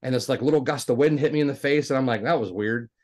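Man, casual storytelling testimony, animated, repeats himself, middle pitch. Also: rapid-fire. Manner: animated, acts out both sides of conversations; frequent fillers and restarts, says "like" a lot.

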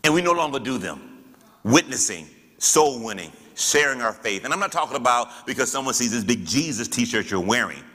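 A man's voice: medium pitch, big pitch swings, moderate pace, sharp tone, big-room sound. A man teaching as a pastor in church, preaching with rhetorical questions and call-and-response.

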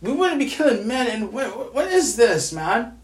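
A man's voice: very high voice, sing-song, moderate pace, echoey room. An angry, grieving man from the United States vents in a profane vlog rant, stammering and repeating himself. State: grieving, furious.

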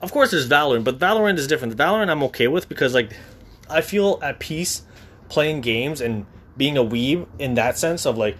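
A man's voice: a little high, expressive, a little fast, fairly bright tone, a little hiss or hum. A young man vlogging to his viewers in a rambling, profane way, often stammering and restarting. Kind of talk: casual monologue to viewers.

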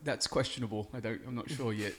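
A man's voice: mid-range voice, a little fast, lightly acted. Trevor, a man putting on a snooty Englishman. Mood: smug. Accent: put-on English. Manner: self-satisfied, proper, deadpan silly. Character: prim, snooty young Englishman. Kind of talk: improvised comedy character.

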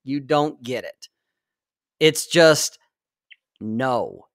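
Forty-something guy, blunt and sweary, slow talker but swings up and down a lot, dry sound. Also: medium pitch, animated, no room sound. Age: 40s. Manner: blunt and profane, emphatic. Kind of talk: casual chat.

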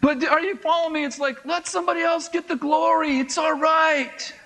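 A middle-aged pastor with a strikingly high voice delivers a sermon. He preaches in an animated, conversational way, acting out little exchanges and laughing at his own asides. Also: moderate pace, low-quality recording.

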